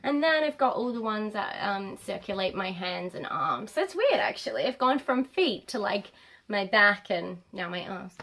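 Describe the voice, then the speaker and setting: A woman's voice: medium pitch, very animated, normal speed, a bit bright. A young adult woman vlogging casually to camera at home, rambling with many ums.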